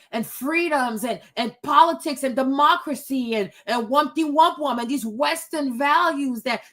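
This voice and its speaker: A woman host delivers a brash, mocking rant with heavy emphasis. Her voice sits high for a woman, and she punches her lines hard. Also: fairly bright tone. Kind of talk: ranting commentary.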